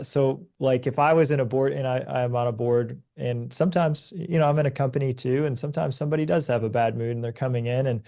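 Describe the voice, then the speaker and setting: A man in his thirties speaks as a podcast guest, earnest and conversational. His voice is mellow and warm, sitting at a middling pitch. He tells stories with growing energy. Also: gravelly. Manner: earnest, storytelling, animated when recounting events. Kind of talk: conversational advice talk.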